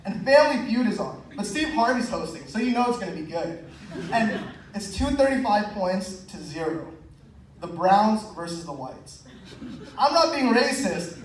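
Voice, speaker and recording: Animated young male stand-up comic. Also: sits high, a little hiss or hum. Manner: animated storytelling with acted-out quotes. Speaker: stand-up comedian. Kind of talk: stand-up comedy set. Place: comedy club stage. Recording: very echoey room, picked up from a distance.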